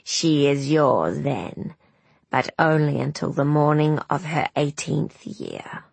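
A cruel, toothless old fairy crone, voiced by a woman narrator, sly and menacing with sudden swoops in pitch. Her husky voice creeps along slowly. The sound is dry and close. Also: darkish tone, no room sound, heavily acted.

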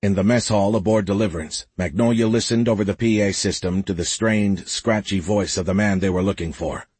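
A man narrating an audiobook in a steady, measured storytelling voice. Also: fairly low pitch, breathy edge, dry recording. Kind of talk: scripted narration.

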